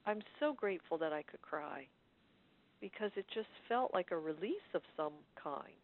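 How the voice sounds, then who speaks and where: A woman's voice: fairly low pitch, expressive, normal speed. Lady on a phone call sharing a story, laughs a lot, sounds like a phone. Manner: chatty, laughs often while telling a story. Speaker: caller sharing in a study group. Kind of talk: personal sharing in casual conversation. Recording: phone-line audio.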